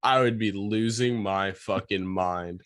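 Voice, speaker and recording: Bright-voiced man in crude banter. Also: fairly low pitch, slow pace, clean tone. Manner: crude, reactive interjections. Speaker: podcast co-host. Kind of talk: casual chat.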